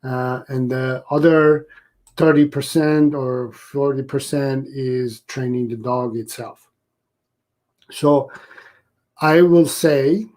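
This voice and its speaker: Male dog trainer on a live stream; slightly higher voice, unhurried delivery, careful explanations with frequent restarts. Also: darkish tone, low-quality recording.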